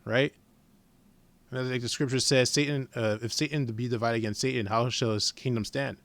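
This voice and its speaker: A man preaching informally from scripture in a blunt, profane, heated way, reading the verses slowly and deliberately. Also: medium pitch, steady tone, a bit bright. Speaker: scripture teacher.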